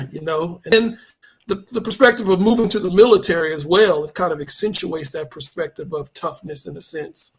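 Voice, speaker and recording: A man speaking as a podcast guest, earnest and measured, with fairly formal wording. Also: high-pitched, husky. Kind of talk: casual podcast conversation.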